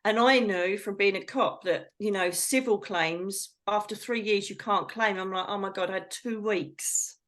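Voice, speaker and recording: Middle-aged English woman guest, storyteller, lively delivery, acts out her own quotes. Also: mid-range voice, moderate pace, hardly any pauses. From England. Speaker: psychic medium guest. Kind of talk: storytelling in an interview.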